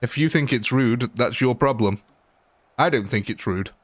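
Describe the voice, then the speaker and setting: A man's voice: medium pitch, normal speed, no echo. Blunt, joking male streamer. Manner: blunt, joking, laughs often. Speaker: gaming livestream host. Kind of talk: casual live commentary.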